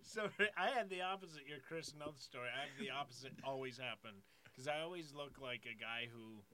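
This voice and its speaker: A man's voice: medium pitch, a little fast, bright, forceful tone. A man co-hosting a comedy chat, telling light anecdotes with a laid-back, chuckling manner. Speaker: podcast co-host. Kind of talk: casual banter.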